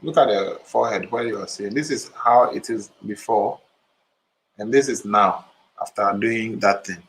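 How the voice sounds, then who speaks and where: A man with a lowish voice talks at a moderate pace, and the audio is poor with slight background noise. He's hosting a live photo retouching stream, relaxed and sleepy, yawning as he chats casually with viewers.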